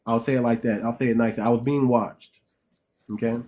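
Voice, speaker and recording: A man's voice: medium pitch, steady tone, a little fast, a little mellow. A man hosting a commentary monologue, explaining emphatically and often restarting his phrases while checking in with "right?" and "okay?". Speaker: host.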